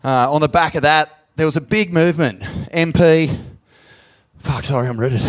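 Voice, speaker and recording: Aussie bloke hosting a live pod in a pub, kinda high voice, swears heaps, gets emotional. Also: male voice, measured pace. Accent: Australian. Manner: sweary, emotional, loud on the hype lines. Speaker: podcast host. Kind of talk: live podcast hosting on stage. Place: pub venue with live audience.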